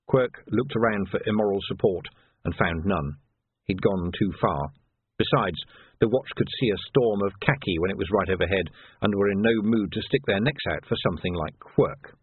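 Husky man narrating a story. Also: lowish voice, dry recording. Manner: measured, wry storytelling. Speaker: audiobook narrator. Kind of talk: scripted narration. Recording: tinny narrow audio, dry.

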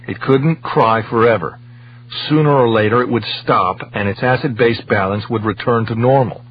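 A man's voice: mid-range voice, moderate pace, lightly acted. A man voicing an urgent male scientist who presses his argument emphatically, on a dull lo-fi recording with a faint hum.

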